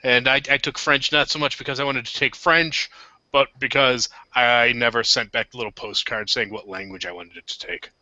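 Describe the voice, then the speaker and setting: A man with a very bright, sharp voice tosses off dry, teasing remarks on a casual podcast. The recording is dry, close and a little lo-fi. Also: mid-range voice, steady tone, normal speed, no echo. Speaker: podcast co-host. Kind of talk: casual chat.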